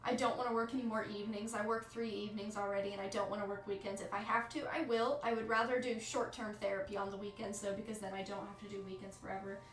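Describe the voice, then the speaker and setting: A woman streamer in her thirties chatting casually with her live chat, candid and quick to swear. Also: medium pitch, little pitch movement. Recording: echoey room with faint music.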